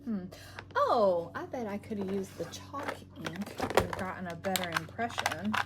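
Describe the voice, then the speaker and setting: Woman craft host, relaxed self-talk, slow pace, noisy recording. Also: mid-range voice. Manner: talks to herself while working, trailing off and muttering. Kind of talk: casual crafting commentary.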